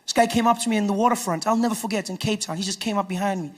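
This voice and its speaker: A man with a South African accent doing stand-up comedy, telling stories with animated delivery. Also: sits high, rapid-fire. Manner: animated storytelling, acting out characters.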